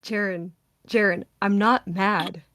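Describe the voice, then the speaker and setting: A woman playing a confused young man who answers his friend with blunt, profane exasperation, pitched lower than her own voice. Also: steady tone, slow pace, a bit bright, no echo, clean studio sound. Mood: exasperated. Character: baffled, swearing young man.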